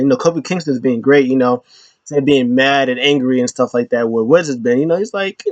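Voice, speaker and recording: A man's voice: mid-range voice, animated, a little fast, no echo. A man hosting a casual wrestling recap, talking loosely and rambling with lots of fillers. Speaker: show host. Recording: slightly dull lo-fi, dry.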